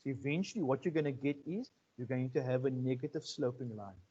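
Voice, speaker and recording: A man's voice: medium pitch, fairly quick, dark tone, a little hiss or hum. Man lecturing, muffled audio. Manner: conversational, checks in with 'right?' and 'okay?'. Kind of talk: online economics lecture.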